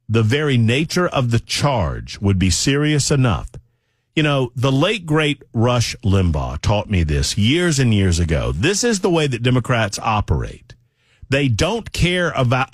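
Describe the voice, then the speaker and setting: A man's voice: medium pitch, dry recording. A man hosting a talk radio show, delivering an emphatic, sarcastic political monologue straight to his listeners on a studio microphone.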